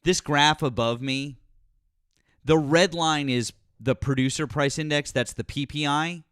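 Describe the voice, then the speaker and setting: A man's voice: on the high side, a little slow, fairly bright tone, clear, resonant tone, no echo, studio quality. A man hosting a political live stream, making sarcastic, profane asides. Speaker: host.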